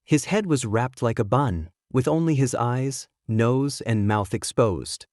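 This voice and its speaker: A man giving a steady, measured first-person narration of a scripted story. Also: mid-range voice, no room sound, studio quality.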